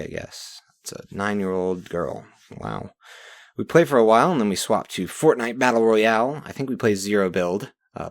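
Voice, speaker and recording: A young man recapping his week from a journal in a rambling, profane monologue that swings into rants. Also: fairly low pitch. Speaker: vlogger reading his journal.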